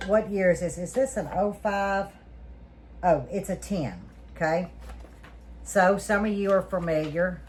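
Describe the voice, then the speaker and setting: A woman's voice: lowish voice, a little hiss or hum. A woman hosting a folksy, chatty kitchen demonstration, checking in with her viewers as she works. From Louisiana. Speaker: home canning cook, channel host. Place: home kitchen.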